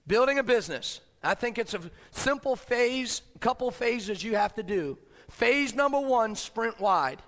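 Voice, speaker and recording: High bright-voiced guy pumping up a crowd, big hall echo. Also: lively intonation, unhurried, few pauses. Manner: fired-up, preachy, swings from low to shouting. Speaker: motivational business speaker. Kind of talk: live motivational speech. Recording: long hall reverb.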